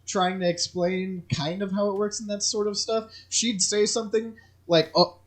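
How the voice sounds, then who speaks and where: A man's voice: sits high, fairly even intonation, moderate pace. A man co-hosting a casual movie review chat, loose and jokey, laughing easily. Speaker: podcast co-host.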